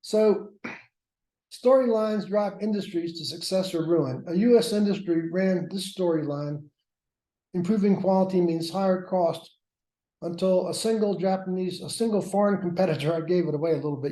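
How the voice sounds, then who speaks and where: A man's voice: high-pitched, mellow. A man teaching a workshop class, lecturing with wry, self-mocking asides. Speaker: workshop instructor. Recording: roomy echo.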